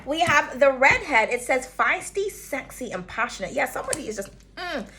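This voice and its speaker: Bright, lively-pitched woman chatting tarot. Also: moderate pace, very noisy. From outside the United States. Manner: chatty, rambling, swears casually, hums and laughs often. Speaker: tarot reader. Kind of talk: casual tarot reading for a star sign.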